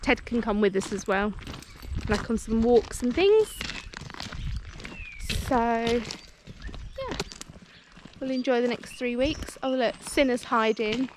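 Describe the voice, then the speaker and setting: A woman travel vlogger narrates casually, rambling with plenty of fillers as she walks outdoors and rides in a car. Her voice is on the high side and expressive, slow and full of pauses. The camera audio is muffled, with loud background noise.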